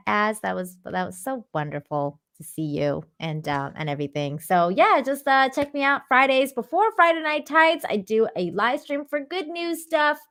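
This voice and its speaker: A woman's voice: a little high, fairly bright tone. Upbeat woman streamer signing off. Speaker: guest streamer. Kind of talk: casual live stream chat.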